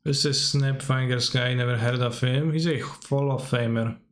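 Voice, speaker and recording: A man's voice: medium pitch, steady tone, moderate pace. A man giving casual stream commentary while reacting to old videos, chatty and wry, laughing often and talking loosely with many filler words.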